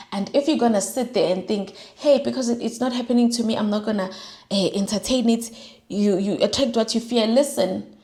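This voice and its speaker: A woman's voice: mid-range voice, dark tone. South African woman, young adult, earnest vlogger voice, repeats lines for emphasis, roomy echo. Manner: mixes in Zulu and Sotho phrases. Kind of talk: heartfelt monologue while doing makeup.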